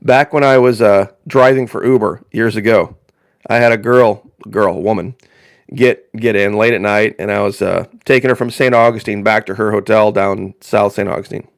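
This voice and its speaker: A man's voice: lowish voice, fairly even intonation, moderate pace, creaky, dry recording, clean studio sound. A man from northern Indiana hosting a live stream in casual chat, rambling in a folksy way and repeating phrases for emphasis.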